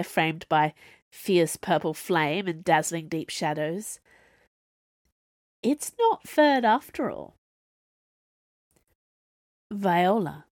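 A woman's voice: mid-range voice, dry recording, studio quality. A woman reading an audiobook in a wry, conversational narrating voice. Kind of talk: scripted narration.

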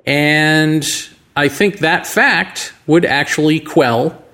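A man hosting a show, talking through ideas in a musing monologue full of rhetorical questions and slow, deliberate phrasing. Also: on the high side, bright, forceful tone. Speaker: podcast host. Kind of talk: reflective monologue.

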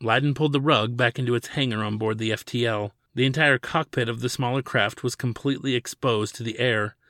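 A man's voice: medium pitch, fairly even intonation, brisk, fairly bright tone, dry recording. A man narrating his own science fiction serial as an audiobook, reading steadily.

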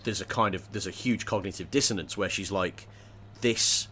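A man in casual discussion, thinking aloud with many pauses, fillers and restarts. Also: low-pitched, fairly bright tone, slight background noise.

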